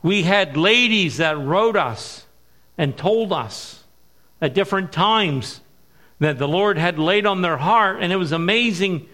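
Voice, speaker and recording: Male missionary preacher, middle-aged, high voice, bright tone, emphatic storytelling. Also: animated. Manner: emphatic, repeats key words slowly. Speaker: missionary speaker. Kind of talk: sermon with storytelling.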